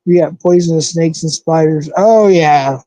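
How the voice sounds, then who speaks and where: Chatting with his live stream viewers, this southwestern US man rambles and corrects himself, thinking aloud with plenty of fillers. His voice is on the high side, unhurried and mellow, captured on a rough recording.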